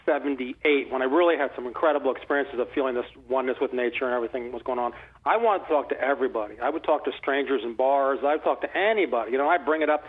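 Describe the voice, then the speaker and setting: A man in his sixties, a guest author, telling stories in a rambling, animated way full of restarts. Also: mid-range voice, fast. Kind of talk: casual conversational storytelling. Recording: phone-like narrow line.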